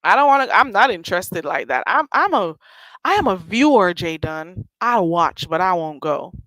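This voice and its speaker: A woman's voice: fairly low pitch, very animated, normal speed, fairly bright tone, no echo, poor audio. A woman hosting a livestream in casual chat, rambling and laughing easily as she talks. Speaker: livestream host.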